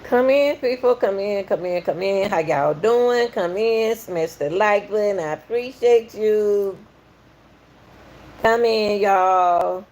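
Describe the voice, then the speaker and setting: A woman's voice: medium pitch, takes it slowly, a little mellow. Folksy Southern woman hosting a live stream. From Atlanta, USA. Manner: welcoming, repetitive, folksy, reads out chat. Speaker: podcast host. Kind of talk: live-stream chat with viewers.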